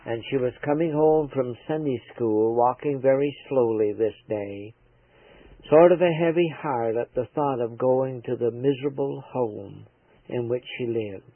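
A male preacher telling a moral story in a slow, earnest, halting way, heard over a tinny radio broadcast. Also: medium pitch, no room sound.

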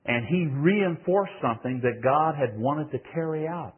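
An older man preaching, telling a story from his youth in an animated voice that swings between loud and hushed. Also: on the high side, normal speed, husky. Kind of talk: sermon testimony. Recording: tinny phone-like sound.

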